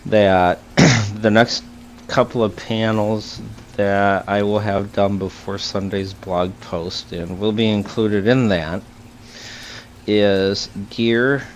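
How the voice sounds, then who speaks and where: Slow, low-voiced man explaining. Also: slight background noise. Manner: unhurried, explanatory, throat-clearing. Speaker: developer explaining panels. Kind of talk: casual chat.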